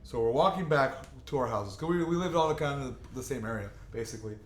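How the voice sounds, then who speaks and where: A young male podcast host chats casually with friends, telling a long, rambling, profane story and constantly interrupting himself to restart sentences. He has a medium-pitched voice with lively intonation and talks fast, recorded in an echoey room with faint ambience and a bit of hiss or hum.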